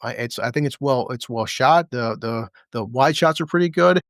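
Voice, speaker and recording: A man talks through a TV episode in a loose, profane review, full of sarcasm and mocking asides. His pitch sits in an ordinary middle range. The sound is dry with no room echo. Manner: impersonates characters in quick asides. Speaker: TV show reviewer. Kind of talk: casual spoken review.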